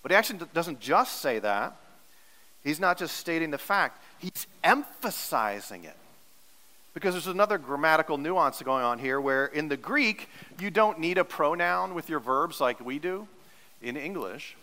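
A man's voice: on the high side, expressive, normal speed, bright, forceful tone, big-room sound, rough recording. A male pastor preaching a sermon in an earnest, teacherly way, leaning hard on repeated words for emphasis.

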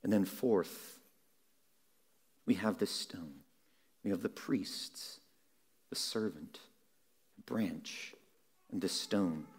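Slow, low-voiced male preacher. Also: a little mellow, slightly rough. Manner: measured, slows down for emphasis. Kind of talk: sermon.

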